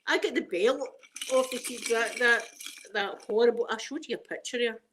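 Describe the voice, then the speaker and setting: A woman's voice: fairly high pitch, moderate pace, background noise. A middle-aged woman with a Glaswegian Scottish accent, hosting a casual ASMR chat and rambling through stories full of local slang. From Scotland. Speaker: ASMR channel host.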